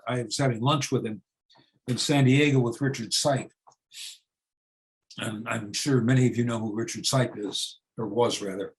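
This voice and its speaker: A man's voice: mid-range voice, low-quality recording. A man in his seventies from the United States, talking unscripted to an audience. He speaks in a searching, conversational way, restarting phrases and asking rhetorical questions that he answers himself. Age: 70s. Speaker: speaker on church reform.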